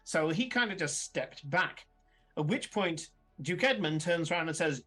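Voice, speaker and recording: A man's voice: fairly high pitch, animated, a little slow, sharp tone, soft background music. A man running a tabletop game as game master, narrating casually with many fillers and chuckles.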